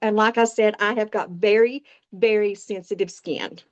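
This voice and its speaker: A sixty-year-old makeup vlogger with a Southern Appalachian American accent chats folksily through a casual tutorial, talking straight to viewers. Her medium-pitched voice is steady and moderately paced, and the audio is dull.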